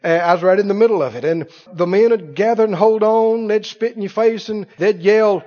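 A man preaching a sermon, telling a story from his own life in an animated way and laughing as he tells it. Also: high-pitched, normal speed. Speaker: pastor. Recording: dull sound with long hall reverb.

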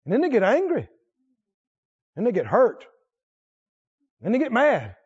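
Animated high-voiced male preacher. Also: a little slow, husky, lo-fi sound. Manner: animated, questioning the crowd, laughing now and then. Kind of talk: sermon.

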